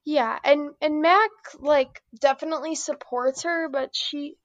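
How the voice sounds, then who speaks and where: A woman's voice: high voice, fairly even intonation, unhurried, dry recording, lo-fi sound. A woman guesting on a podcast, chatting casually in a meandering, hesitant way full of "like". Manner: meandering, hesitant, heavy use of "like". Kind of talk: casual chat.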